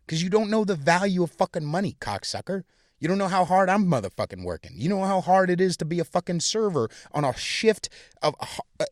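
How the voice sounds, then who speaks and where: A podcast host, a young adult man, rants heatedly and profanely on his own in a crude comedic bit. His voice sits fairly high, and the studio-quality audio has no echo.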